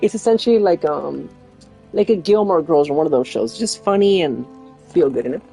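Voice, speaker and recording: A woman's voice: sits low, expressive, brisk, vocal fry, mellow, breathy edge, faint music behind. A woman chatting casually while streaming a game, rambling and laughing often. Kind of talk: casual chat while gaming.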